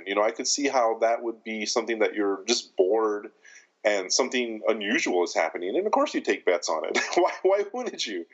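A man in his fifties co-hosting a podcast, talking in a thoughtful, halting way with many restarts. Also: medium pitch, lo-fi sound. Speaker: podcast co-host. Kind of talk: casual chat.

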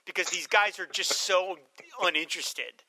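A man co-hosting a casual film talk, rambling and animated, acting out scenes in quick voices. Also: high-pitched, dry recording. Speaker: podcast co-host.

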